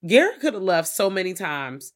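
A man's voice: mid-range voice, fairly quick, a bit bright. Male podcast co-host, Southern US accent, easygoing reflective talker, swears freely. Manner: laid-back, profane, reflective commentary. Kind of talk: casual movie review chat.

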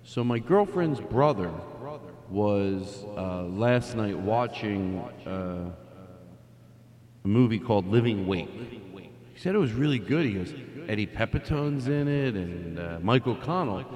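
A man's voice: lowish voice, expressive, measured pace, darkish tone. Man telling a story in an echoey room. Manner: chatty, trails off with fillers. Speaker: comedy podcast host. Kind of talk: casual storytelling. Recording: roomy with long reverb.

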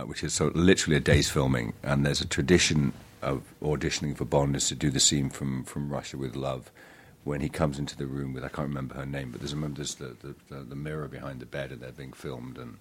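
A man, an actor, chatting in an interview, halting with many restarts and fillers, self-deprecating. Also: extremely low pitch, fairly even intonation, slightly rough. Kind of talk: casual interview chat.

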